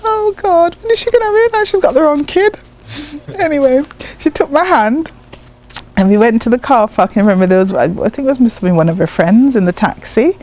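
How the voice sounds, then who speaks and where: A woman from Jamaica, a poet, telling personal stories in an interview with an animated manner, acting out voices and laughing often. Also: fairly low pitch. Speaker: guest, poet and writer.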